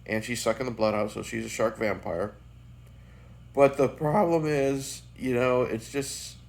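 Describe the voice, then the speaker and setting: A man's voice: mid-range voice, creaky. A man giving a casual, profane and blunt review of a bad movie as the host of his channel.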